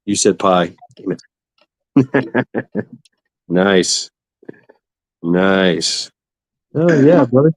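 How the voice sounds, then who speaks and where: A man's voice: sits low, expressive, very slow, pauses often, no room sound. Man, livestream host, rambling casual chat, swears a lot, dry close sound. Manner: rambling, profane, greets chat viewers. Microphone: computer mic for online stream.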